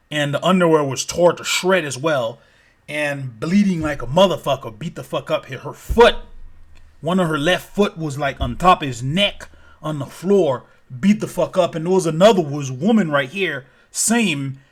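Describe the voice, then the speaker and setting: A man tells a story in a casual, improvised way, profane and rambling, voicing the thuds aloud and repeating the sound effects. His voice is fairly high and fairly bright.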